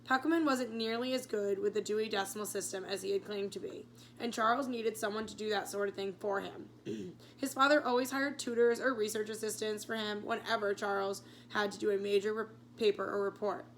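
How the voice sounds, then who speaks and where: A woman teacher reading chapters of a novel aloud, telling the story clearly with small slips. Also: mid-range voice, steady tone, brisk, a little hiss or hum.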